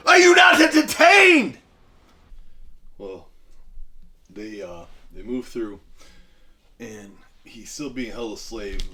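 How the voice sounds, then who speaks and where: A man retelling a film plot in a rambling, profane comedic way, bursting into loud acted-out lines. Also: lowish voice, slight background noise. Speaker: podcast guest retelling a film. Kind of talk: profane comedic movie recap.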